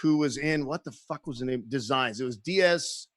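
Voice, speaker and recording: A man telling a story in casual chat as a guest musician, animated, swearing freely and laughing often. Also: mid-range voice, normal speed, dry recording.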